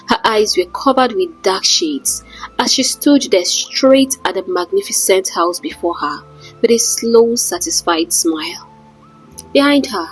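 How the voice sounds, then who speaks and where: A woman narrating a folktale in a dramatic, measured way with wry asides. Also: medium pitch, slightly rough, low-quality recording. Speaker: storyteller. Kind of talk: scripted story narration.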